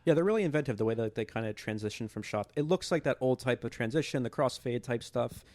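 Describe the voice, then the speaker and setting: A man's voice: medium pitch, quick pace, darkish tone, no echo. Dry, close-miked man chatting about films. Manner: enthusiastic, rambling with many restarts. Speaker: podcast co-host. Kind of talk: casual film chat.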